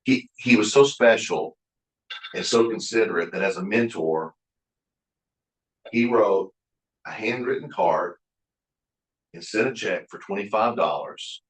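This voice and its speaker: A deep-voiced middle-aged man teaches at a Bible college, folksy and earnest, stumbling into restarts as he acts out old conversations. His low voice carries around an echoey room. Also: measured pace, long pauses. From Oklahoma. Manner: folksy, earnest, with frequent restarts and quoted dialogue. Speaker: guest speaker at a Bible college. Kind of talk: sermon-like leadership lecture with storytelling.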